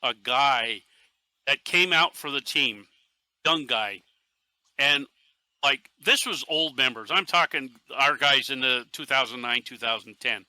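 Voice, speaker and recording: A middle-aged man from Northeastern Pennsylvania, a podcast guest who tells stories in a casual, animated way and acts out quotes. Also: mid-range voice, measured pace, no echo. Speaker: podcast guest, airsoft team leader.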